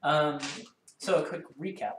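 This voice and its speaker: A man hosting a tabletop game stream as dungeon master, talking quickly with lots of ums and uhs. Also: on the high side, fairly even intonation, a bit bright. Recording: roomy sound with clear background noise.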